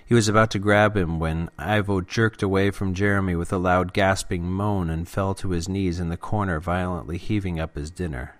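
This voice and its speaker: A man narrating a serial story in a steady, deliberate reading. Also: deep voice, no room sound.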